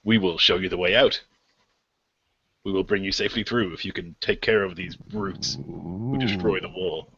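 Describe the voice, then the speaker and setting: A man playing a solemn, husky old watcher. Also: sits low, a bit bright, dull audio, full character voice. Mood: bargaining. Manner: slow, grave, formal. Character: solemn male elder-guardian of a maze people.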